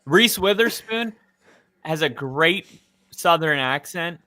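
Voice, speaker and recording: Bright-voiced chatty man. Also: on the high side, lively intonation, takes it slowly. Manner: rambling, lots of "like" fillers. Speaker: co-host of a football live stream. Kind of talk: casual chat.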